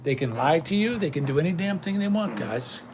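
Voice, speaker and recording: An older man rambles and rants to his stream viewers with growing indignation. His voice sits a bit higher than most men's, and a faint hiss runs under the recording. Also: expressive, fairly quick. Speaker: livestream host. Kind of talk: casual rant to viewers.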